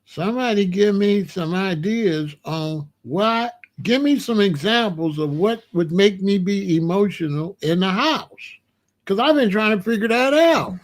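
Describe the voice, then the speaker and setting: A middle-aged man, hosting a casual livestream, blunt and animated as he asks his chat for examples. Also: sits high, a little slow. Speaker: livestream host.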